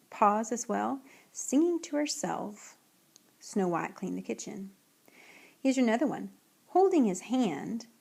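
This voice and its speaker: A woman teacher giving a recorded writing lesson, reading example sentences slowly and clearly. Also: medium pitch, a little mellow.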